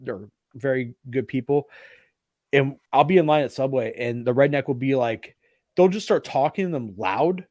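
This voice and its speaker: A man co-hosting a casual film chat show, animated and swearing freely. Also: mid-range voice, moderate pace, no room sound, clean studio sound. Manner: animated, swears freely, does mocking put-on voices. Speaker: podcast co-host. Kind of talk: casual chat about films.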